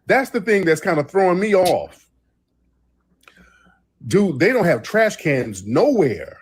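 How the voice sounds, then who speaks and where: A man from the United States hosting a casual livestream while travelling abroad, telling rambling, animated stories and swearing often. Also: a little high, takes it slowly, breathy edge. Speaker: host.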